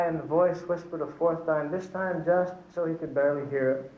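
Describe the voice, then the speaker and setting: An earnest male preacher with a fairly high voice delivers a storytelling sermon. The sound bounces around a big hall, and the recording is dull and lo-fi. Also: fairly even intonation, normal speed. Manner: earnest, testifying, addresses brothers and sisters. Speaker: church speaker.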